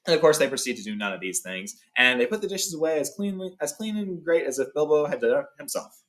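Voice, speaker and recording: A man retells a story to his audience in a relaxed, chatty way, stopping to correct himself now and then. His voice sits a bit high and moves up and down a lot. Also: fast talker. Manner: chatty, with fillers and self-corrections. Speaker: host reading a book aloud. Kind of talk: casual read-along retelling.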